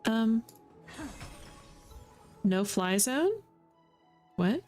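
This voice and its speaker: A woman's voice: fairly high pitch, expressive, drawn-out words, darkish tone, soft background music. A woman streamer giving playful, chatty commentary while she plays a video game. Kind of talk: casual gameplay commentary.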